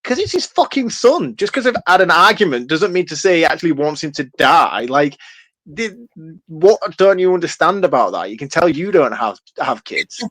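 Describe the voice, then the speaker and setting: A man's voice: fairly high pitch, sing-song, normal speed, a bit bright, no room sound. A man, chatting casually and animatedly as a podcast co-host, laughing and swearing freely. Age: 30s. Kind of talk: casual film-review chat.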